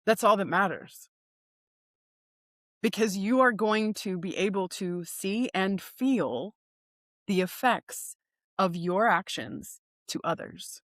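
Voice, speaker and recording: A woman's voice: mid-range voice, expressive, slow, no echo, clean studio sound. A woman guest on a podcast, telling stories earnestly in conversation with frequent restarts. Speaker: guest speaker.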